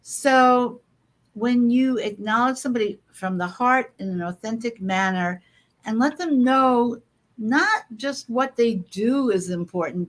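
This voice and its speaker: A woman guest on an interview, speaking earnestly and emphatically with quick asides and fillers. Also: on the high side. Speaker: guest author. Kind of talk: conversational interview.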